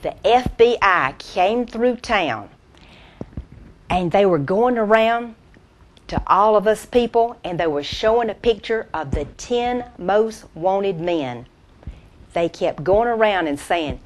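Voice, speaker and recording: A woman's voice: medium pitch, expressive, slow pace. A woman, telling down-home country jokes as a stand-up comedian and voicing the characters in them. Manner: tells down-home jokes, voices quoted characters. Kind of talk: folksy stand-up storytelling.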